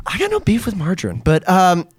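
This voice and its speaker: A male radio co-host with a slightly high, lively voice, wry and halting, stopping to restart his thoughts. The sound is dry and close. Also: breathy edge, dry recording.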